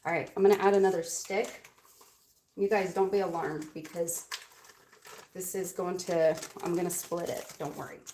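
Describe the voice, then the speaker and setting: A woman's voice: on the low side, flat delivery, moderate pace. A woman hosting a live baking stream from her home kitchen, chatting casually and bluntly with her viewers as she works. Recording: loud hiss and appliance noise.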